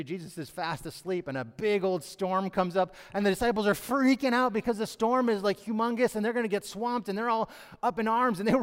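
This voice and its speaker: Man, high voice, preaching, dramatic, long reverb from a hall. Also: clean tone. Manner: dramatic, acts out pleading voices of the Bible characters. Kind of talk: sermon.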